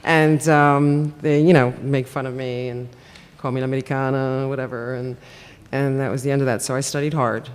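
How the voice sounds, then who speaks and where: A man's voice: medium pitch, level tone, normal speed, smooth. A man translator at a live panel, chatty and self-deprecating, laughing easily. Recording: reverberant hall.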